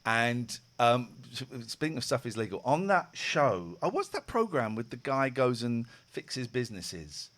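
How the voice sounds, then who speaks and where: A man's voice: medium pitch, unhurried, few pauses. A man hosting a live radio phone-in, chatting casually and telling rambling stories. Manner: animated, rambling storyteller. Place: radio studio streamed live.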